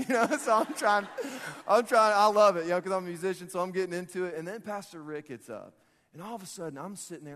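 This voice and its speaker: A man in his thirties, a pastor preaching a sermon, telling a personal story in an animated, joking way and often laughing. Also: fairly high pitch. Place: large church hall. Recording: long reverb of a church hall.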